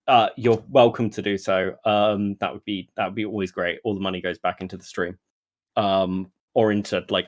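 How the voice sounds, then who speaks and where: A British man hosting a casual livestream, talking fast and swearing often, exasperated and pleading at times. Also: fairly low pitch. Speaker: streamer host.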